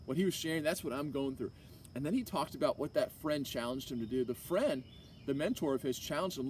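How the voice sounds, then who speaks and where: A man's voice: mid-range voice, fairly quick, darkish tone. A young man giving an earnest, casual personal testimony to a class, full of filler likes and restarts. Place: classroom or hall. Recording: distant mic with faint room noise.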